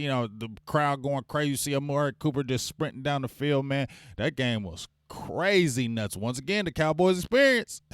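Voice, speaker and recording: A man's voice: mid-range voice, smooth, dry recording, studio quality. A man hosting a casual live sports fan stream. He rambles, gets hyped and calls out to the chat viewers. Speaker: fan show host.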